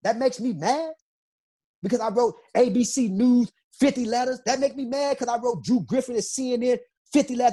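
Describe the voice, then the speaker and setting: Husky-voiced man, emphatic and insistent. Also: very high voice, fairly quick, mellow. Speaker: interview guest. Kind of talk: emotional interview testimony.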